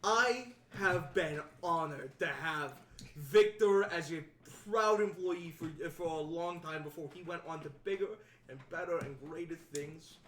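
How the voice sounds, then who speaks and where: A woman's voice: on the low side, measured pace, fairly bright tone, slight background noise. A woman voicing a scheming middle-aged male con man who runs a shop, with an oily, stammering, wheedling manner in a tabletop game. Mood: grandstanding. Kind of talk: tabletop game role-play. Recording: roomy echo, distant from mic.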